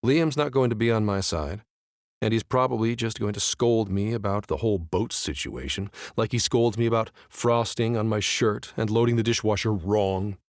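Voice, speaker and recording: A man with a fairly low voice reads a first-person romance audiobook. His delivery is casual and wry, like someone telling a friend a story. The recording is close and dry, with no room sound. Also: normal speed, no room sound. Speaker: audiobook narrator.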